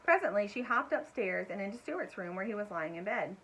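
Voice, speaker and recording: A woman's voice: mid-range voice, brisk, slight background noise, rough recording. Woman reading a children's book aloud. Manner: gentle, expressive, with asides to young listeners. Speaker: storyteller.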